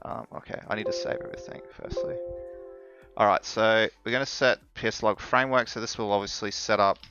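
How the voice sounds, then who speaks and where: A man's voice: lowish voice, fairly even intonation, fairly quick, muffled recording, music in the background. A man chatting casually while live coding, rambling with fillers and laughing often. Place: home office.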